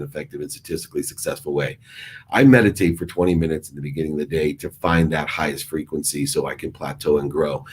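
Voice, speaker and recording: A man's voice: a bass voice, breathy edge. A middle-aged man giving an emphatic, preachy motivational talk, repeating his phrases for effect. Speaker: motivational speaker.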